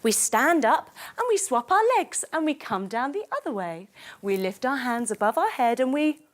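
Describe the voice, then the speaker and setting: A woman teaching yoga to children through a bedtime story, giving gentle, playful, coaxing instructions. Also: on the high side, very animated, moderate pace.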